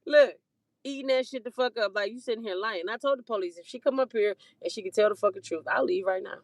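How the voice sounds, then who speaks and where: A woman with a fairly high voice rants through a story, heated and profane, breaking into laughter. The sound is dry and close, with no room echo. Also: fast talker. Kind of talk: casual storytime rant.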